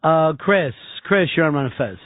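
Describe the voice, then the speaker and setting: A man's voice: fairly high pitch, expressive, moderate pace. A man hosting a call-in radio show, joking loosely with callers. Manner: loose, jokey, mimics callers' accents. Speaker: radio talk show host. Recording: tinny phone-like broadcast sound.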